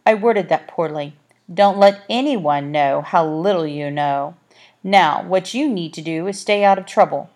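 Reading from a storybook, a woman voices a haughty, brusque orange tomcat who serves as a guide, giving him a dry, clipped, condescending manner. Her own voice is on the low side, unhurried, a little mellow and natural.

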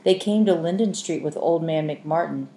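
A woman's voice: sits low, normal speed, dark tone. Woman doing a grave man in pajamas. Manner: grave, warning. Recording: echoey room, faint hiss.

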